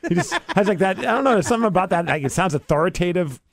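A man's voice: high-pitched, lively intonation, very fast, vocal fry. A man hosting a radio show, talking in an enthusiastic, loose and chatty way into a studio microphone. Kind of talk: casual radio interview chat.

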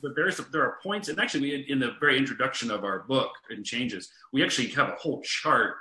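A man, a guest author, talking earnestly about parenting in a relaxed podcast chat, restarting his sentences often. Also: mid-range voice, quick pace, echoey room, poor audio. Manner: earnest, restarts often, amused when telling stories. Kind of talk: conversational podcast talk.

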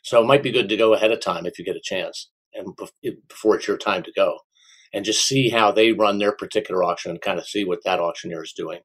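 A middle-aged man, an auctioneer, answering interview questions in an unhurried way, sometimes slipping into a rhythmic auction chant. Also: on the low side, fairly bright tone, husky. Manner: unhurried, with restarts and a sing-song auction chant demo. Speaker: auctioneer and small business owner.

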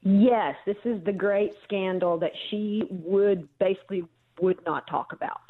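A woman's voice: medium pitch, unhurried, husky. A woman author explaining history as a guest, telling stories with frequent ums. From central Missouri. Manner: thoughtful storyteller with frequent ums. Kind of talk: phone interview. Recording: tinny phone line.

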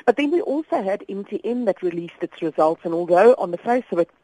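A woman's voice: medium pitch, animated, a little fast, dark tone, no room sound, poor audio. A South African woman giving business commentary on the radio, earnest and full of fillers and restarts. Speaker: market analyst.

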